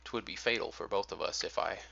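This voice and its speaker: A man's voice: deep voice, a little fast, creaky, sharp tone, heavily acted. A man voicing a frightened, secretive old sailor with a Yankee accent and old-fashioned speech, in a storybook reading on dull lo-fi audio. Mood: wary, secretive. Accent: Yankee (New England). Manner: old-fashioned dialect, wary and urgent.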